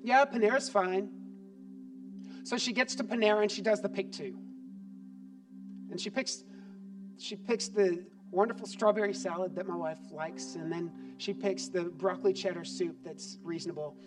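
A man's voice: high voice, fairly even intonation, normal speed. A male pastor preaching a sermon, telling a story and dropping his voice for emphasis. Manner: storytelling, drops quiet for emphasis. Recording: distant mic with background music.

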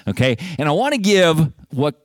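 A man's voice: on the high side, big pitch swings, normal speed, no echo, clean studio sound. A middle-aged man preaching a sermon as pastor, in a conversational, folksy way with many fillers and restarts. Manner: folksy and self-deprecating.

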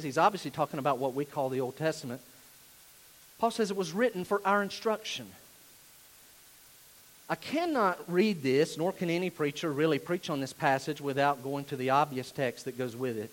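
A male pastor preaching a sermon, emphatic and repetitive, swinging from loud stresses to quiet asides. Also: mid-range voice, normal speed, low-quality recording. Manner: emphatic, repeats key phrases, varies loudness widely. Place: church.

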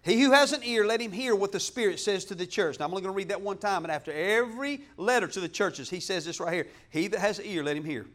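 A man pastor preaching a passionate sermon in church, breaking into shouts and laughs. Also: high-pitched, fast, hardly any pauses.

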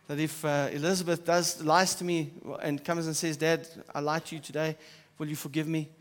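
Pastor preaching in a reverberant hall. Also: male voice, a little high, fairly quick. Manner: animated preaching that swings from loud emphasis to quiet, soft asides. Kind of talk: sermon. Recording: church hall with long reverb.

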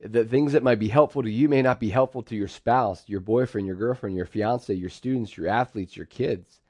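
A man with a fairly low voice delivers a sermon in a close, dry recording. He talks in a lively way and now and then acts out quoted phrases in sudden bursts. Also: normal speed, no room sound. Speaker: pastor.

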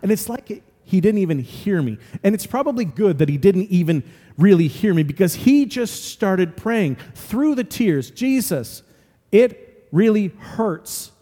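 High-voiced preacher in a reverberant church. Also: male voice, big pitch swings, moderate pace, mellow. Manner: earnest storytelling with emphatic repetition. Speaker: pastor. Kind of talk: sermon. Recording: long reverb of a large hall.

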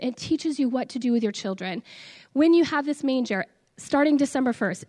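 A middle-aged woman giving an earnest, halting testimony to a church congregation, with many fillers. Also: high-pitched, a little mellow. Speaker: church speaker.

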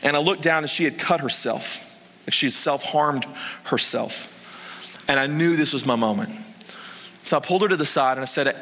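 A man preaching a sermon, telling a story in an animated way that swings between hushed and excited. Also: a little high, normal speed, pauses often. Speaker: pastor. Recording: reverberant hall.

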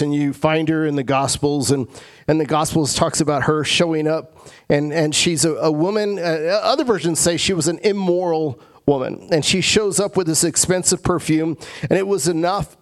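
A man preaching as pastor of his church, emphatic, repeating key phrases and slowing down to stress them. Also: fairly high pitch. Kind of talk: sermon.

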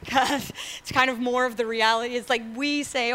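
Lively, bright-voiced woman pastor preaching. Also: on the high side, a little slow, long pauses, rough recording. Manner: animated, acts out quotes, asks the congregation questions. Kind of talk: sermon.

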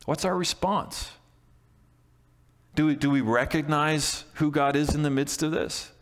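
A man's voice: a little high, steady tone, unhurried, long reverb tail. A man preaching a sermon as pastor, talking in a conversational way with frequent restarts and emphatic repeats. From Canada.

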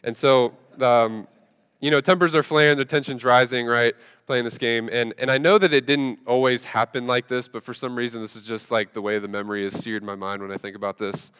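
A man preaching a sermon, telling a funny story in a relaxed, conversational way with lots of fillers. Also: medium pitch, a little fast, smooth. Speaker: pastor. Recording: long reverb from a large hall.

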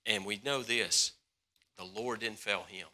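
A man preaching a sermon as pastor, swinging between loud, passionate stretches and hushed, slower ones. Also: on the low side.

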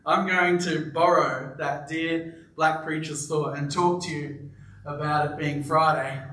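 A man's voice: fairly high pitch, measured pace, roomy sound, recorded from a distance, slight background noise, low-quality recording. A man preaching a sermon to a live congregation, telling stories with playful asides. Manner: animated storytelling with playful asides. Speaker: pastor. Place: church auditorium with live congregation.

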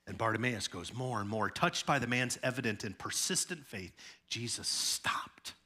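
Bright-voiced, animated man preaching. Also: mid-range voice, fairly quick. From Chicago area, USA. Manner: animated preaching with acted-out quotes and humor. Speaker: pastor. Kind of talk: sermon. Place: church sanctuary at a podium.

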